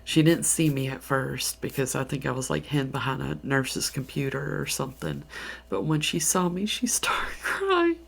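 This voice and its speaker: A woman's voice: extremely low pitch, lively intonation, moderate pace, vocal fry, breathy edge. A tired woman with a Southern US accent, telling a story in a rambling, half-whispered ASMR style. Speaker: ASMR creator. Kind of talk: soft-spoken ASMR ramble.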